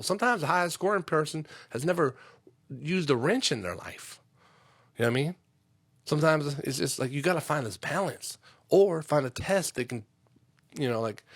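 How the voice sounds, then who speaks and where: A man's voice: on the high side, animated, brisk, a bit bright, no room sound. A man who works a union trade, hosting a podcast in a loose, rambling monologue full of swearing and fillers. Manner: profane, lots of fillers.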